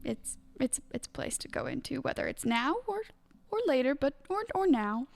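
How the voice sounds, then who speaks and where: High-pitched young woman, sweary storyteller. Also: sing-song, moderate pace, gravelly. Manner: swears freely, laughs often, rambling storytelling. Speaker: podcast co-host. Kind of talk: casual chat.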